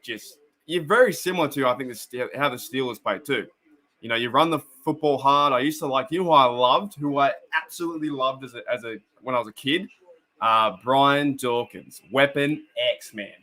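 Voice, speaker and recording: A medium-pitched voice, pushed and bright, comes from a young Australian man talking at normal speed. He's hosting a casual fan stream, commenting on a game and chatting with viewers in a rambling way, with frequent laughter and greetings to viewers by name.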